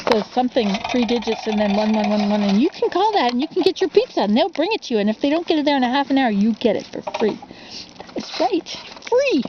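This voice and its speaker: A woman's voice: a little high, big pitch swings, fast, background noise. Lady rambling through a kids' storybook, lots of questions to the listener, bouncy voice, kinda muffled recording. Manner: rambling, chatty, digressing and asking the listener questions. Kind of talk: casual storybook reading for ASMR.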